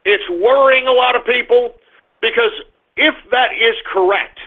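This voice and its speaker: A man's voice: very high voice, measured pace. An older man hosting a political talk radio show, delivering a fiery, repetitive ranting monologue over tinny phone-like audio.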